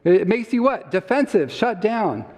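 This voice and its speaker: Man, health talk to live audience, engaging, quizzes listeners, laughs often, slightly high voice, long church hall reverb. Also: sing-song, a little slow, a little mellow. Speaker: health summit speaker.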